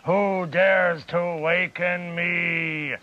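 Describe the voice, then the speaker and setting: A man voicing a mighty, proud, gruff male lion with a slow, booming delivery, on a dull lo-fi 1990s TV recording. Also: little pitch movement. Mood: menacing.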